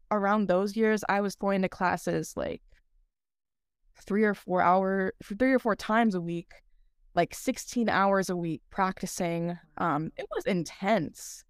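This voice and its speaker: A young woman talks through her story on a podcast, loose and chatty, with a filler in nearly every phrase. Her voice is smooth and clear, sitting at an ordinary middle pitch. The sound is dry and close, with no room around it. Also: no room sound. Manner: chatty, lots of "like" fillers, laughs often. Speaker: podcast co-host. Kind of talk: casual podcast chat.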